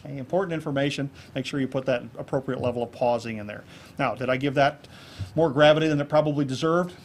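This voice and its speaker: A man giving a keynote speech to a club audience on presentation skills, lively and jokey, acting out examples. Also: mid-range voice, fast talker. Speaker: keynote speaker. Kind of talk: public speaking talk on presentation skills. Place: club meeting room with an audience.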